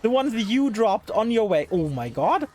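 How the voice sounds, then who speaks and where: A woman's voice: on the high side, big pitch swings, moderate pace, a little mellow, slight background noise. A woman streaming live gameplay, talking to the game's characters in exasperation and swearing freely. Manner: exasperated, talks to the game characters.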